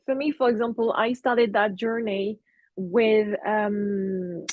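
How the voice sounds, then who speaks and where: A woman's voice: mid-range voice, steady tone, takes it slowly, phone-quality sound, a little hiss or hum. A young adult woman hosting a podcast, reflecting aloud and summing up for listeners. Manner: warm, reflective, thinks aloud with fillers. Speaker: podcast host. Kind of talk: casual conversation.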